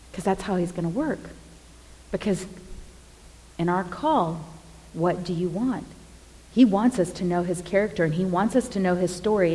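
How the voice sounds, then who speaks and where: A woman giving a sermon, retelling scripture in an expressive, dramatic way. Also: lowish voice, big-room sound, poor audio. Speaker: preacher.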